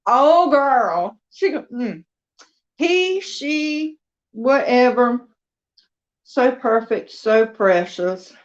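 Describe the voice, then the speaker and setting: Slow, chatty woman at home. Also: fairly high pitch. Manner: chatty, talks to her pets and viewers. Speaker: crafter and video host. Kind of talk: casual chat to viewers. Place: dining room at home. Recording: dull lo-fi sound.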